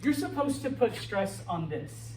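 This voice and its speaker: A man's voice: high voice, big pitch swings, a little slow, a little mellow. A middle-aged man teaching a Spanish class, lecturing and checking in with "okay?" after nearly every point. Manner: checks in with "okay?" and "all right?" often. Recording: echoey classroom, from far off, faint noise.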